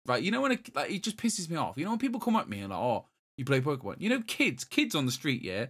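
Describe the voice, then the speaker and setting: A man's voice: high-pitched, fast, husky. A man in his thirties, co-hosting a gaming podcast in casual chat, swearing often and stumbling over restarts. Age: 30s. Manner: profane, excitable, stumbling restarts. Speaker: podcast co-host.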